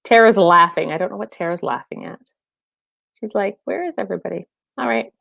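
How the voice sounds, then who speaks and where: A woman's voice: mid-range voice, moderate pace, creaky, fairly bright tone, no room sound, studio quality. A woman fitness trainer hosting a casual live stream, chatting and laughing with viewers and calling them by name.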